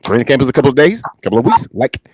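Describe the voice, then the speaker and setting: A man doing an impression of an upbeat, evasive football coach who greets everyone warmly and dodges questions with stock phrases. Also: medium pitch, sing-song, racing, breathy edge, no room sound, clean studio sound.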